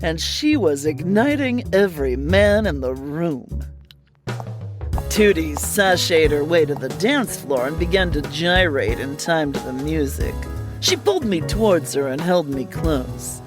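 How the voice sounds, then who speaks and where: A woman narrating a hardboiled comic mystery story in a wry, deadpan, theatrical way. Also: sits low, unhurried, over music.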